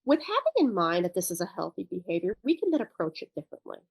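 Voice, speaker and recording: A woman's voice: fairly low pitch, wildly swooping pitch, quick pace, vocal fry, slightly rough, no room sound, dull audio. A woman guest on a parenting podcast interview, explaining her work with parents in a thoughtful, loosely rambling way with restarts. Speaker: guest who works with parents.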